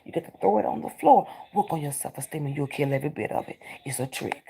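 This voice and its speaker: A woman's voice: low voice, animated, quick pace, creaky, dark tone, low-quality recording. A woman giving a spiritual card reading, talking urgently like a preacher and often dropping into a whisper. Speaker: tarot reader.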